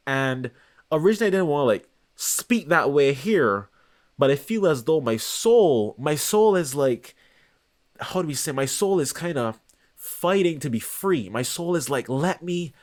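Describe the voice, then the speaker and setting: A man in a loose, off-the-cuff monologue, his pitch rising and falling freely as he goes. He hunts for the right word, sighs and starts sentences over. His voice sits at an ordinary middle pitch. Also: a little mellow. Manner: rambling, searches for words, many restarts and sighs. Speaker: channel host. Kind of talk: casual unscripted monologue.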